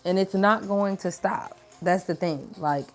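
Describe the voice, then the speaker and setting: A woman's voice: on the low side, a little slow, soft background music. A woman giving a casual spiritual pep talk to her viewers, chatty and colloquial, calling them y'all. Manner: acts out voices in quoted dialogue. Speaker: spiritual message creator.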